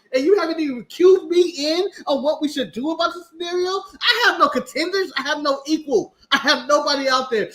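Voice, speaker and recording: A fuming woman wrestler, as an American man puts her on, unloads a profane, indignant tirade on her boss. The voice sits very high and sounds bright and sharp. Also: heavily acted.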